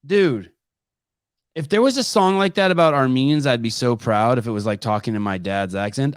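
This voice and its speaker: A man hosting a live call-in podcast, talking in an animated, profane way with many restarts. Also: medium pitch, normal speed, clean tone, dry recording, studio quality. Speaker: podcast host.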